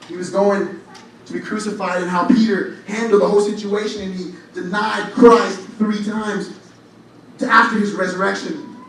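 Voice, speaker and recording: High-voiced young man preaching in an echoing hall. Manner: energetic, storytelling with humor, rising to shouts. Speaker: church speaker. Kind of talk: sermon. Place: large church hall. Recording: echoey hall, from far off, faint noise.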